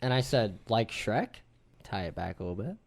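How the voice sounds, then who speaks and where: A man in his thirties hosting a podcast, telling a story to friends in an animated, casual way and swearing freely. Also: fairly low pitch, moderate pace, creaky. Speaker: podcast host. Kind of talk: casual group chat.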